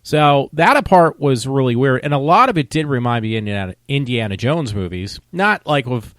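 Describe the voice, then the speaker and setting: A man's voice: medium pitch, expressive, moderate pace, fairly bright tone, no echo, clean studio sound. A man vlogging a casual movie review, talking in a rambling, loose, conversational way.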